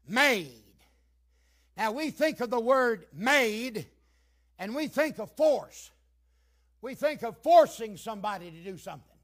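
Fervent older preacher, high voice. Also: male voice. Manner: swings from hushed storytelling to fervent shouting. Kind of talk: sermon.

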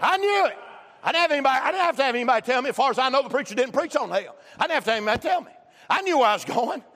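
A man preaches with a strikingly high, bright voice, his words laced with "uh" and rising into shouts. The sermon rings out through the long reverb of a church hall. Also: expressive, rapid-fire. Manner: fervent, frequent "uh" fillers, bursts of shouting. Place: church sanctuary.

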